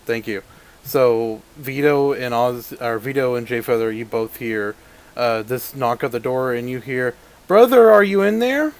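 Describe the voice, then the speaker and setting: Young man, game master, relaxed rambling narration, mid pitch. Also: unhurried, smooth. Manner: relaxed, loose narration with fillers.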